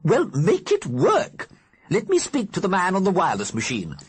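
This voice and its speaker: A man putting on a pompous, shrill ghost lady. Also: huge pitch swings, normal speed, slightly rough, full character voice. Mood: imperious. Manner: pompous, commanding. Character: imperious dead Edwardian lady, bossy.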